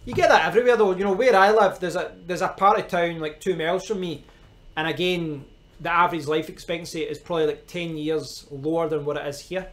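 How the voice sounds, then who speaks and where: Scottish male streamer, loose rambling chat, voice sits a touch high. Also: fairly even intonation, brisk. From Scotland. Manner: rambling, chatty, frequent restarts and fillers. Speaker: live stream host. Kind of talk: casual chat.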